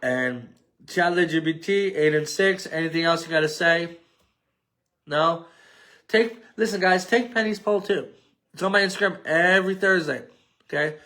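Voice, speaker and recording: A man's voice: on the high side, moderate pace, pushed and bright. A man hosting a solo sports podcast, talking in a rambling, jokey way with a nasal, mumbling voice and many fillers. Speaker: podcast host. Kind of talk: solo sports talk show wrap-up. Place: home setup on a tripod.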